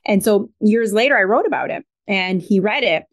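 A woman's voice: mid-range voice, lively intonation, normal speed. A middle-aged woman speaking as a parenting expert guest in a podcast interview, candid and reflective, often saying "like". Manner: reflective, candid, many filler "like"s.

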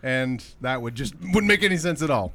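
A man's voice: mid-range voice, animated, moderate pace, noisy background. A man co-hosting a film podcast, bantering playfully and laughing often. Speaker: podcast co-host, film critic. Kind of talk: casual chat.

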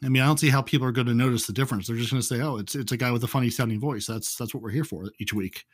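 A man's voice: medium pitch, racing, husky. Male co-host, casual gaming chat, rambling and jokey. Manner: joking, rambling, repeats words. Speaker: podcast co-host.

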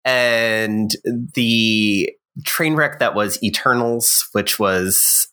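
A man giving his upbeat, animated take on a movie on a casual podcast. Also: lowish voice, extremely slow, smooth. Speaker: podcast co-host. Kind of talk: casual movie review chat.

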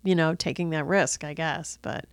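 A woman's voice: sits low, fairly even intonation, moderate pace, clear, resonant tone, no room sound. Woman explaining loosely, dry sound. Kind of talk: casual chat about a movie.

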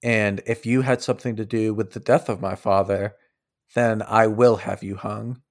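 A man voicing a stern, guarded young princess in a tabletop game, speaking low, level and quiet. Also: steady tone, moderate pace, close to an everyday voice.

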